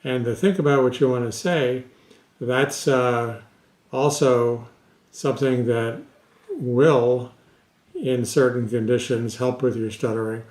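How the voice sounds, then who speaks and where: A man who is a stuttering specialist, giving casual advice to camera in an unhurried way with many pauses and fillers. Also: medium pitch, steady tone, darkish tone, reverberant.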